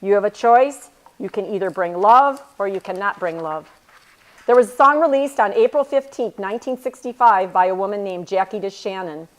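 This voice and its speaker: A middle-aged woman giving an inspirational talk at a church women's event, earnest and emphatic, repeating key phrases slowly. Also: medium pitch, animated. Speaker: speaker at a women's church retreat.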